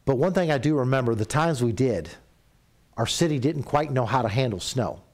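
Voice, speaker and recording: Man preaching with lively rises and hushes. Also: mid-range voice, moderate pace. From Canada. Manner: storytelling, animated rises and hushed drops. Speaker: pastor. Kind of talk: sermon.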